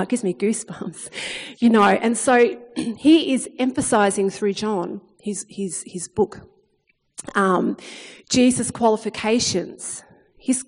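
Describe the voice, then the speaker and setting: Woman preacher, earnest sermon, mid-pitched voice, long hall echo. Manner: earnest, animated when reading scripture, with fillers and restarts.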